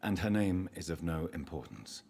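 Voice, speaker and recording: An actor playing a patient, sorrowful grown son, a doctor, who speaks gently and with restraint, in video game dialogue with faint music beneath. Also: male voice, deep voice, very animated, moderate pace, gravelly, exaggerated voice. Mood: gentle.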